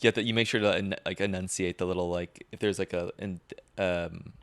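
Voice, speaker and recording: A laid-back man co-hosting a podcast in relaxed conversation. He trades dry jokes and teasing remarks, unhurried and amused. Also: low voice. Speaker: podcast co-host. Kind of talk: casual chat.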